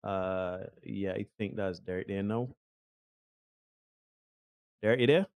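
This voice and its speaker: A man hosting a podcast in casual live-stream chat, energetic and full of repeated greetings and shout-outs. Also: low-pitched, takes it slowly, dry recording. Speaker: podcast host.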